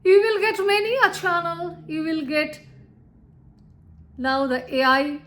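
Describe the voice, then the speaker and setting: A woman gives a spoken lesson to her channel's viewers. Her voice sits high and she speaks slowly, checking in often with "okay?" and "you know". Her manner is that of a patient teacher. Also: lively intonation, fairly bright tone. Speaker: English teacher.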